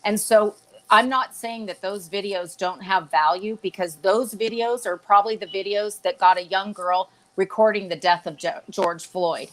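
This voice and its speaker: A woman's voice: mid-range voice, steady tone, normal speed, rough recording. Female guest, emphatic, persuasive, casual live chat.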